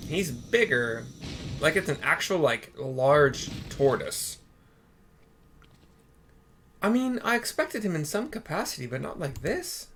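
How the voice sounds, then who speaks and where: A man's voice: fairly high pitch, very animated, takes it slowly, long pauses, fairly bright tone, slight background noise. A man casually narrating and describing a game playthrough for listeners who cannot see it, swearing now and then. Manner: casual, swears, thinks aloud. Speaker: game narrator for visually impaired viewers.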